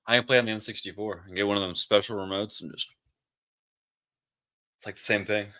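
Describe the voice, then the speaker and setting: A man's voice: on the low side, steady tone, fairly quick, sharp tone, no echo. A man co-hosting a live podcast, chatting casually and rambling with many restarts. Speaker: podcast co-host. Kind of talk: casual chat. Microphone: live stream mic.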